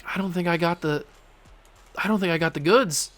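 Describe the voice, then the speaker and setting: A young man giving live commentary while playing a baseball video game, groaning when it goes badly and shouting when it goes well. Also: a little high, fairly quick, soft background music. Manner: animated, swings from frustrated groans to excited shouts. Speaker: gaming YouTuber.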